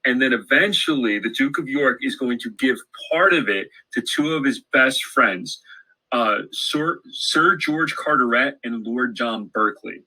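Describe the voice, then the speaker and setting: Man, co-teacher, emphatic interjections, forceful bright tone, husky. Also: mid-range voice, expressive, measured pace, low-quality recording. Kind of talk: classroom lesson screencast.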